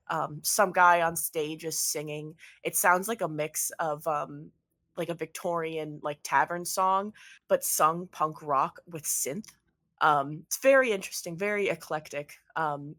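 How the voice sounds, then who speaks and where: A woman's voice: lowish voice, fairly bright tone. A woman narrating as game master of a tabletop game, chatty with many fillers.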